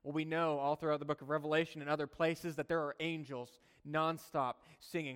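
A man's voice: on the high side, flat delivery, a little fast, hardly any pauses, fairly bright tone, clear, resonant tone, in a large hall. A man preaching a sermon in a conversational way, mixing teaching with chuckling personal asides.

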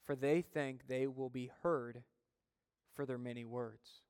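A man's voice: mid-range voice, fairly even intonation, takes it slowly, a little mellow, clear, resonant tone, dry recording, clean studio sound, long reverb tail. A male pastor preaching a sermon, emphatic and building intensity as he retells stories.

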